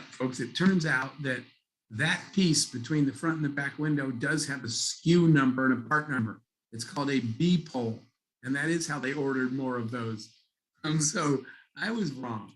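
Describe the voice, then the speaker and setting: A man's voice: a little high, fairly bright tone, poor audio. A middle-aged man giving a keynote talk, telling a story and acting out the dialogue. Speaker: keynote speaker. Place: conference stage.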